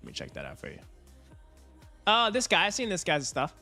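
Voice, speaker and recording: Over soft background music, this young finance livestreamer speaks in a high voice at a brisk pace. He's lively and talkative, addressing his viewers directly and laughing a lot.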